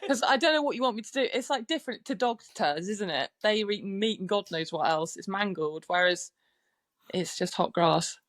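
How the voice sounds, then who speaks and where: A woman guesting on a podcast, telling animated stories, swearing casually and acting out what people said. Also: mid-range voice, normal speed, dry recording. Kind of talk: casual storytelling chat. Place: podcast studio.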